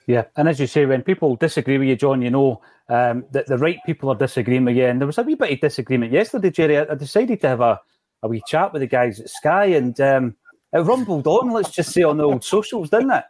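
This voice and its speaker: A man's voice: medium pitch, expressive, fast talker, a little mellow, no room sound. A man with a Scottish accent hosting a football podcast in a chatty, teasing manner. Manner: chatty, teasing, frequent wee asides. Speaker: podcast host. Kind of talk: casual chat.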